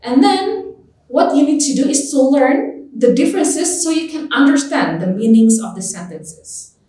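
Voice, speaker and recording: A woman, a native Indonesian speaker, teaching an English test lesson, slowly repeating example words with clear stress. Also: high voice, animated, mellow, a little hiss or hum. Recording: echoey room, voice far from mic.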